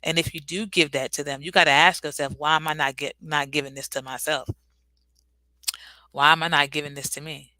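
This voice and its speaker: A woman's voice: deep voice, steady tone, brisk, bright, forceful tone, dry recording, low-quality recording. A talkative woman hosting a casual motivational livestream, answering viewer comments and laughing easily. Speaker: livestream host.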